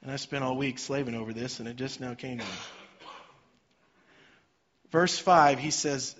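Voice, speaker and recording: A man, a pastor, preaching a sermon with dynamic swings between loud emphasis and soft, quiet lines. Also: medium pitch, fairly even intonation, normal speed, pauses often, muffled recording.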